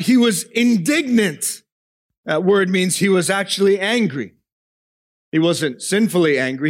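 High-voiced man preaching a sermon. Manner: emphatic preaching, swinging between raised and hushed delivery; asks the congregation questions. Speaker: pastor.

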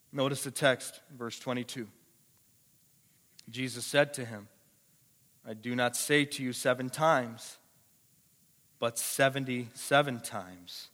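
A male pastor preaching a sermon, emphatic and repetitive, swinging from quiet to passionate. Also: mid-range voice. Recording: echoey hall reverb.

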